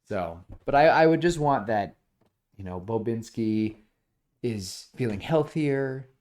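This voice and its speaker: A man co-hosting a podcast in casual chat, animated, with frequent "like" fillers and acted-out scenes. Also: mid-range voice. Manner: animated, acts out scenes with quick voices. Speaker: podcast co-host. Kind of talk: casual pitch-meeting chat.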